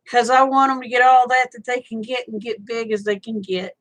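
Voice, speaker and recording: A woman's voice: fairly high pitch, steady tone, a little fast, few pauses, fairly bright tone, poor audio. Sleepy older woman chatting. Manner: drawling, chatty, reads viewer comments aloud. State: sleepy, yawning. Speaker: livestream host. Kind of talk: casual livestream chat.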